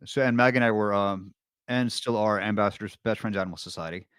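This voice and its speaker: A man's voice: fairly low pitch, quick pace, fairly bright tone, smooth, no echo, studio quality. A middle-aged man, a podcast guest, telling a long personal story in casual chat, rambling with restarts and fillers.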